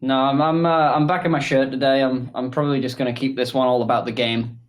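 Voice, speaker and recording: A man racing in a stream match, talking in a halting way and repeating his words. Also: medium pitch, level tone. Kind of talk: casual chat.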